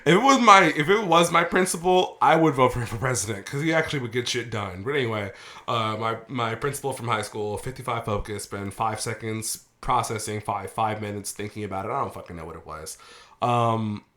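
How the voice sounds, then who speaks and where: A man in a medium pitch holds forth on a casual podcast, venting his grievances with heated profanity. He tells his stories animatedly. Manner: animated storytelling. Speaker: podcast host.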